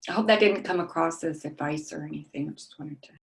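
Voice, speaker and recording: A woman sharing in a study group, soft-spoken and halting, with frequent pauses and ums. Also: deep voice, creaky, slight background noise. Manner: describes herself as meek and mild.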